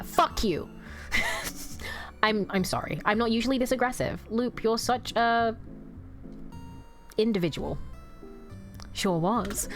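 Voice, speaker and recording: A woman streaming a video game, reading its dialogue aloud and swearing at the screen. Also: fairly high pitch. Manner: profane, loud outbursts at the screen. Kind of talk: casual game stream commentary.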